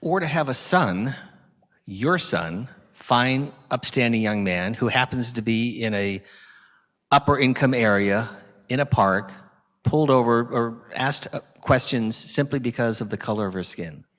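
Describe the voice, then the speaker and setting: A male interviewer of middle pitch asks measured, probing questions, his voice carried on a long hall reverb. He sets up topics and steers the talk. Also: animated, fairly bright tone. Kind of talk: interview conversation.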